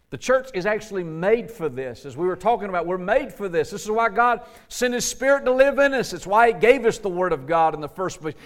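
A man pastor preaching a sermon, emphatic and folksy, pushing up on rhetorical questions and sinking soft at the ends of phrases. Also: high voice. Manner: folksy, says "gotta" and "ain't".

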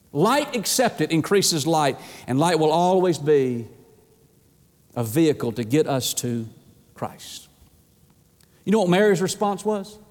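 Brief: male pastor, fervent and conversational, repeats himself, high pitch, reverberant sanctuary. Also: a little mellow. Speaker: preacher. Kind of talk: sermon. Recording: long hall reverb.

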